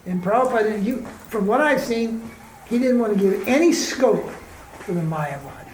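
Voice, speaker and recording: In this roomy, echoing recording, a man speaks at a moderate pace in a high, expressive voice with a slight hiss or hum underneath. Interviewed as a spiritual teacher, he shares stories in a frank, everyday way, punctuated by forceful rhetorical questions.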